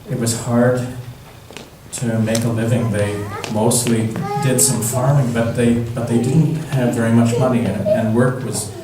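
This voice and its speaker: Slow, echoey man telling a story. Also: medium pitch, background noise. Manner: slow, gentle, musing. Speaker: children's storyteller in church. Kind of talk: storytelling for children. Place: church sanctuary. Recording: echoey church hall from far off.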